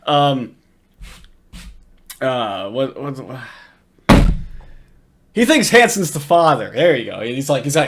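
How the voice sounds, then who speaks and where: Male commentary host, animated pitch, rambling and profane. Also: takes it slowly, pauses often. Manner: rambling, swears often, laughs at clips. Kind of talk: casual reaction commentary.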